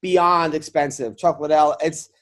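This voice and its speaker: A man's voice: a little high, fairly even intonation, unhurried, fairly bright tone. A man, a guest comedian, chatting casually on a podcast and telling rambling stories full of fillers. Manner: rambling storyteller, filler-heavy.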